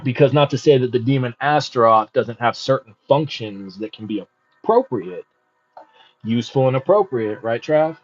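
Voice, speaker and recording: Guy doing a book study, husky voice, reads slow n chats a bit, faint music. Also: medium pitch, animated, highs cut off. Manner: unhurried reading with chatty comments. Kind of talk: reading aloud with casual asides.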